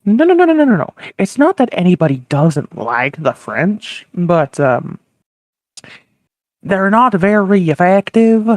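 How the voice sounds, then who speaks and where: A man's voice: high-pitched, sing-song, measured pace, dry recording. A man doing an exasperated Nordic nation. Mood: scolding. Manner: exasperated, scolding. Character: scornful male Nordic nation, impatient mentor.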